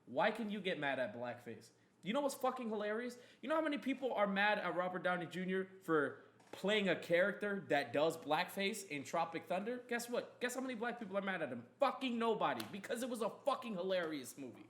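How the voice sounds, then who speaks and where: Young podcast host, heated and profane, rambling rant, slightly high voice. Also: male voice, very animated, fairly quick, a bit bright.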